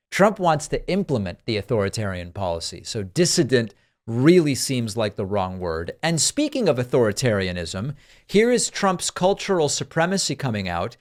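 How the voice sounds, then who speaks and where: A man hosting a political commentary show, reacting to clips in a dry, sarcastic way on a studio microphone. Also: medium pitch.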